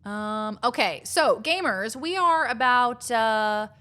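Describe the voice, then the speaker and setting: A woman's voice: a little high, lively intonation, slow, bright, forceful tone. A woman chatting casually while live-streaming a game, rambling and filling her talk with "like".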